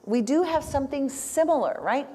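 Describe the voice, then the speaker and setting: A woman's voice: high-pitched, animated, moderate pace, dark tone. A woman speech-language pathologist, a native Spanish speaker, leading an interactive workshop and having the audience repeat sounds.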